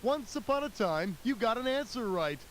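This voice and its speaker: A snarky quiz game host. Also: male voice, extremely high pitch, lively intonation, normal speed, noisy background. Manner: wisecracking, sarcastic asides. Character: snarky fast-talking male game show host. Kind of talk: scripted quiz game hosting. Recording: loud game music behind.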